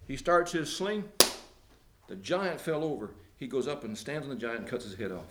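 A man with a notably high voice preaches in a church, possibly. He tells the story in his own words and jumps into different voices for the people in it. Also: moderate pace. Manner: animated retelling with voiced characters. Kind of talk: storytelling sermon.

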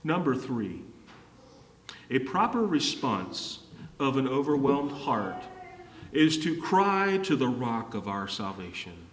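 A pastor preaching a sermon, repeating his key phrases and swinging from emphatic high points down to low, quiet lines. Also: big pitch swings, slow, slight background noise. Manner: repetitive, rising to emphatic peaks and dropping low. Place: church hall. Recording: echoey hall from far off.

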